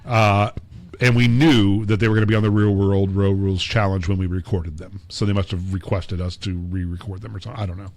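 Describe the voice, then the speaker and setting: A man's voice: low voice, little pitch movement, fairly quick, a little mellow, dry recording. A man co-hosting a podcast, telling long casual stories with lots of fillers and acted-out quotes. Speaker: podcast co-host. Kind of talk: casual storytelling chat.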